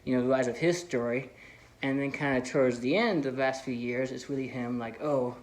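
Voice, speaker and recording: A man talking through film theories in a loose, unscripted vlog. He rambles, circling back with "like" and "you know" as he thinks aloud. He sounds like an eager fan at an ordinary middle pitch. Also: fairly quick. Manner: enthusiastic fan. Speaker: film vlogger. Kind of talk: casual movie commentary.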